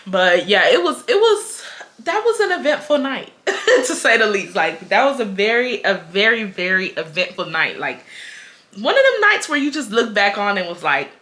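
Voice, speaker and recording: A woman in her twenties from Houston telling a storytime vlog in casual chat, animated and acting out what people said. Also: mid-range voice, normal speed. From Houston, Texas. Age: 20s. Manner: animated, quotes people, switches between laughing and getting fired up. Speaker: vlogger.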